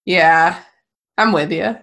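A woman's voice: on the low side, slow, creaky, a bit bright. A woman co-hosting a podcast, chatting casually about a film, laughing often and swearing now and then. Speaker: podcast co-host.

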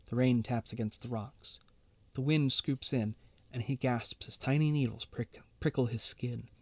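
A man's voice: mid-range voice, darkish tone, no echo. Man reading a story, dry and close. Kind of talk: fiction reading aloud.

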